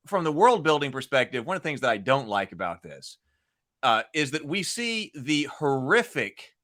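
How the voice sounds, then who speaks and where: A man hosting a casual film discussion podcast, chatty and quick to laugh. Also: fairly high pitch, sharp tone. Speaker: podcast host.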